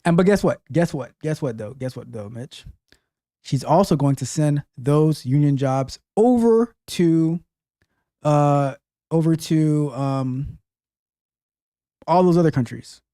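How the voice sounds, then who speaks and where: Male host, casual live call-in chat, playful and repetitive, lively delivery, dry mic. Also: a little high, slow, no echo. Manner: joking, repeats phrases.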